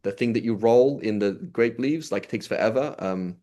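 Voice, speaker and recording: A man with a dark-toned, mid-range voice and moderate pace teaches an informal religious lesson as an Islamic teacher. His chatty style is dotted with check-ins like "right?" and "you know?"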